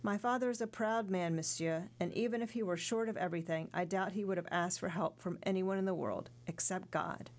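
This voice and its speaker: A woman's voice: lowish voice, steady tone, a little fast, few pauses, close to an everyday voice. A woman reading the part of an earnest young male sailor in an audiobook, respectful and sincere.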